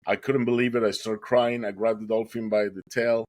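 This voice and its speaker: A man's voice: fairly low pitch, flat delivery, a little fast, darkish tone, no room sound, poor audio. A man guest on a podcast, earnestly telling a dramatic personal story and acting out what people said. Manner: earnest, dramatic retelling with acted quotes.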